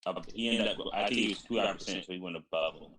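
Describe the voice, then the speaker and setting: A man's voice: low voice, quick pace, fairly bright tone, husky. A man chatting casually with a friend while playing a fighting game, swearing and keeping his replies short. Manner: laid-back, curse-laden, brief replies. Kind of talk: casual gaming chat.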